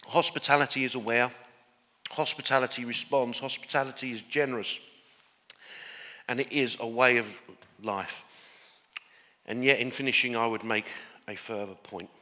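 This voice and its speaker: A man's voice: medium pitch, steady tone, normal speed, long pauses, bright, forceful tone, in a large hall. A man from Northern Ireland with an English accent, preaching a sermon as pastor, earnest, often restarting and building to emphatic declarations.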